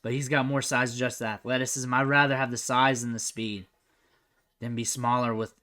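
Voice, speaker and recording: A young man giving casual, chatty commentary over football highlight film, thinking aloud and trailing off quietly at the ends of his sentences. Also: flat delivery, moderate pace. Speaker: recruiting analyst host.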